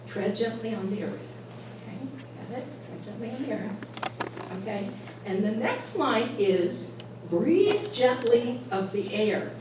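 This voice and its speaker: Woman, higher voice, coaxing service leader, echoey church, heard from far off, background hiss. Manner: encouraging, coaxing, light laughs. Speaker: service leader guiding movement. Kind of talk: gentle instruction to a congregation. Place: church sanctuary.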